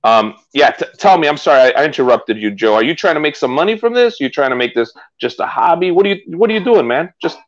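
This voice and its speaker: A man co-hosting a casual live stream, chatty and quick to laugh, talking into a phone. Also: on the high side, animated, lo-fi sound. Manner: chatty, laughs often, restarts a lot. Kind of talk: casual chat. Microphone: phone used as camera.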